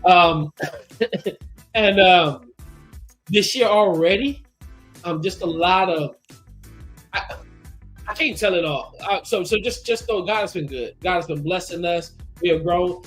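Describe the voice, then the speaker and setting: Man, pastor, co-host. Fairly high voice, chatty, halting speech, faint music underneath. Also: fairly bright tone. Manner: rambling, halting, with many restarts. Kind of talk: casual radio show chat.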